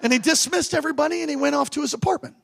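A man preaching a sermon, telling stories with animated energy, bursts of laughter and emphatic repeated declarations. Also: very high voice, racing, gravelly, slight background noise.

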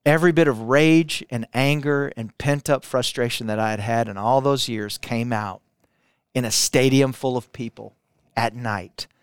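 A middle-aged man from Arkansas telling a personal testimony to a camera, building intensity through repetition and dropping quiet for emphasis. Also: mid-range voice, normal speed, clean tone, no room sound, clean studio sound. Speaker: speaker sharing a personal testimony. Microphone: camera, speaking to it.

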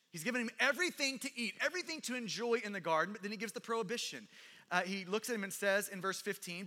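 A man's voice: high voice, bright, forceful tone, long reverb tail. A man preaching a sermon as pastor, talking conversationally with frequent restarts and asides.

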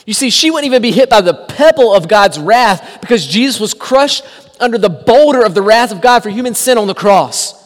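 A man preaching a sermon, emphatic, asking rhetorical questions and dropping to a hushed voice for quotes. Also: high voice, lively intonation, brisk, long reverb tail. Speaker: pastor.

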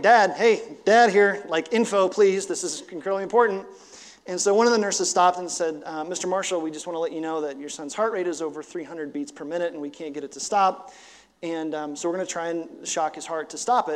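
A man preaching a sermon as a pastor, storytelling earnestly and asking rhetorical questions, with casual fillers. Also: fairly high pitch. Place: church sanctuary. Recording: long church hall reverb.

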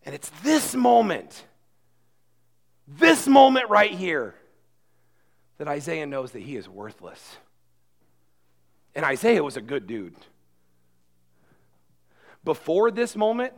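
A man preaching a sermon who swings between quiet asides and loud emphatic passages, repeating words as he builds. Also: sits high. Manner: repeats and restarts words when worked up. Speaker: pastor.

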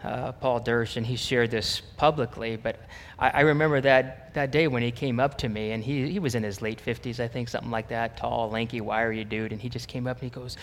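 A man's voice: mid-range voice, steady tone, fairly quick, few pauses, a little hiss or hum. Man preaching in an echoing hall. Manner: storytelling, rising to emphatic preaching. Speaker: pastor. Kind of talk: sermon. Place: church sanctuary. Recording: long reverb of a church hall.

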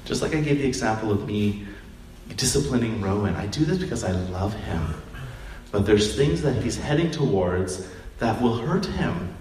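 Pastor delivering a chatty sermon, recorded from a distance in a reverberant hall with faint ambient noise. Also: male voice, on the low side, moderate pace. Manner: conversational, animated storytelling with acted quotes.

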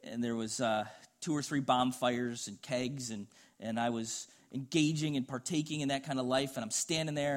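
A middle-aged man preaching a sermon, telling a personal story in an earnest, conversational way. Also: medium pitch. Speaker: pastor.

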